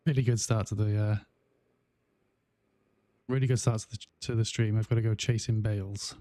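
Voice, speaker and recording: A man's voice: on the low side, steady tone, moderate pace, warm tone, no room sound. A man with a South Welsh accent chatting casually on a gaming livestream, rambling with lots of fillers and restarts. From South Wales. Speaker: gaming streamer.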